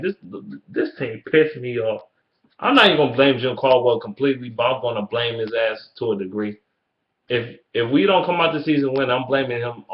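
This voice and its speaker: Man, angry fan rant, profane and repetitive, mid pitch, echoey dull lo-fi room. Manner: profane, heated, repetitive ranting. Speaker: sports fan vlogger. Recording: roomy, dull lo-fi sound.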